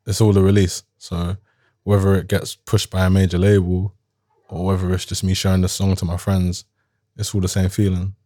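A young man speaks in a very deep, low voice, thoughtful and unhurried in his reflections. He chats casually as an interview guest, often reaching for "like" as he thinks. The sound is close and dry, with no room around it. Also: monotone, mellow, dry recording. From South London, England. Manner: reflective, thoughtful, lots of "like" fillers. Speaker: musician guest.

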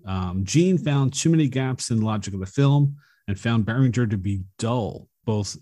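A man co-hosting a movie podcast, reading out production facts and box office numbers at an even pace. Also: mid-range voice, no room sound. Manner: measured, fact-reciting delivery. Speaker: podcast co-host. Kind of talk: reading film trivia in casual chat.

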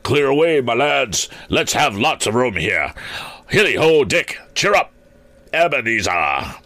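A man voicing a fat, jovial old merchant with a booming, hearty, rich voice. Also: big pitch swings, unhurried, sharp tone, dry recording, heavily acted. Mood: jolly.

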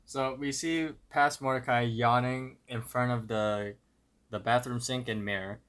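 A man's voice: mid-range voice, steady tone, measured pace, fairly bright tone. A young man co-hosting a podcast, easygoing, often trailing off and correcting himself. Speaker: podcast co-host. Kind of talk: casual chat.

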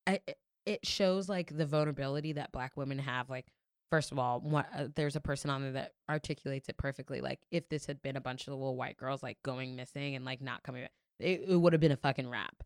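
A woman's voice: very deep voice, fast, clean tone, no room sound, clean studio sound. A young woman co-hosting a casual talk show, telling a story candidly and swearing freely. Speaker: podcast co-host. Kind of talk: casual chat.

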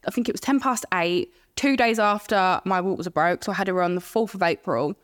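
A woman's voice: mid-range voice, a little fast. Chatty young woman. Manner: blunt, swears freely, tells stories with quoted dialogue. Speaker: podcast co-host. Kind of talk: casual chat.

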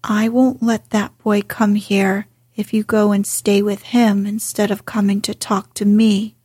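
A woman's voice: mid-range voice, little pitch movement, unhurried, a little mellow, dry recording, studio quality. A woman doing a sulky, whispery sickly boy. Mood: petulant. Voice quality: breathy whisper. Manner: sulky, self-pitying. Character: sickly spoiled petulant young boy.

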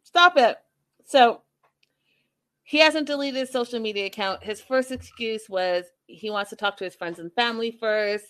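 A woman's voice: on the high side, brisk, few pauses. Chatty woman recapping a reality show. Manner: chatty, animated, sarcastic asides. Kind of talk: casual recap vlog.

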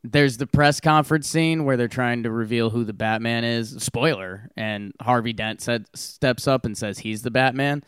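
A man's voice: mid-range voice, moderate pace, few pauses, a bit bright, clear, resonant tone, no room sound, clean studio sound. A young man co-hosting a casual chat, teasing and laughing often as he rambles through tangents. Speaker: podcast co-host.

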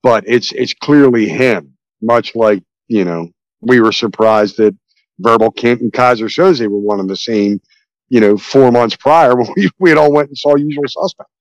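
A male podcast host in loose movie talk, rambling and excitable, cursing freely. His voice sits at an ordinary pitch, and the sound is dry and close. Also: normal speed, dry recording, muffled recording. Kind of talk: casual movie podcast chat.

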